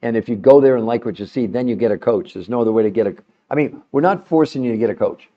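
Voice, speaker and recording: Over dull audio, an older health-show host with a medium-pitched voice talks fast, keeping a live call-in chat casual and animated as he laughs often and calls the caller by name.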